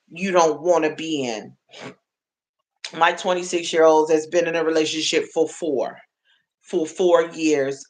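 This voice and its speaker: Deep-voiced and in her forties, a woman hosts a livestream, chatting in a relaxed, motherly way. She laughs a lot and speaks warmly to viewers by name.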